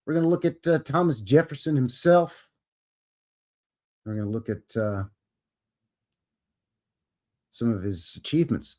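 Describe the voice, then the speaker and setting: A man hosting a live stream in an easygoing, rambling way, cracking jokes and drifting off on tangents. His mid-pitched voice rises and falls in wide, animated swings. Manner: joking, rambling, slips into silly voices. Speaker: host. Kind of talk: casual live-stream chat.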